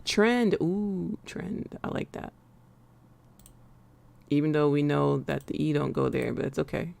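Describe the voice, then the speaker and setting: A woman's voice: low voice, a little slow, creaky, a little mellow. An American woman hosting a live trading stream, chatting playfully with her viewers and laughing often. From United States. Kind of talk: casual live-stream chat.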